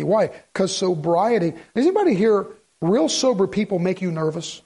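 A man's voice: sits high, very animated, normal speed, few pauses, mellow, breathy edge. A man preaching a sermon to a congregation in a folksy, rambling way with joking asides. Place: church in front of a congregation.

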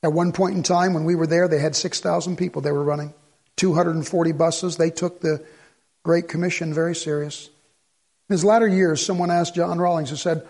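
A man preaching a sermon as the pastor, swinging from loud exhortation to low, earnest asides. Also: steady tone, a little fast.

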